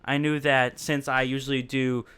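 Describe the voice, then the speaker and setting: A man with a smooth, clear voice hosts a casual livestream podcast. He rambles on with lots of fillers and speaks in a blunt, mocking tone, addressing his viewers directly. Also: medium pitch, little pitch movement, moderate pace, a bit bright.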